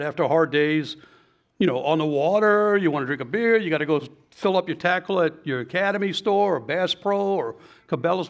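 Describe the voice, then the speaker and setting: A middle-aged man, a fishing guide giving blunt, folksy advice and telling stories in a casual talk. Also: fairly high pitch.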